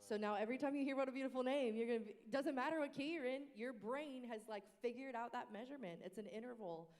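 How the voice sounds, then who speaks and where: A woman who leads a worship team, sharing practice tips on a panel in a lively, expressive way. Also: fairly high pitch, fast talker. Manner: lively and expressive, breaking into sung demonstrations. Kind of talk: casual panel discussion. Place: church worship space. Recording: echoey hall reverb.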